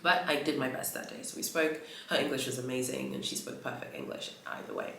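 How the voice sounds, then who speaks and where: Woman rambling through a story for her vlog, lots of likes and ums, gravelly fry in her voice, roomy echo. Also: a bass voice, fairly even intonation, brisk, fairly bright tone, a little hiss or hum. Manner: chatty, rambling retelling with many fillers. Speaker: vlogger.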